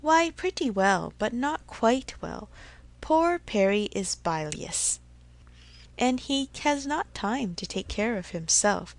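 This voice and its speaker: A woman's voice: on the high side, animated, slow. A woman reading the part of a fussy, anxious elderly father who frets fondly over his family's health. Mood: fretful fond. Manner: fretful, fond, repeats endearments. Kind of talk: audiobook character reading.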